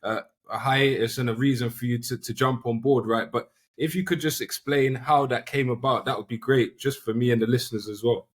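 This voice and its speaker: A man's voice: medium pitch, a little fast, few pauses. A man hosting a podcast, casually prompting his guest with a question. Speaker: podcast host. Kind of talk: casual interview.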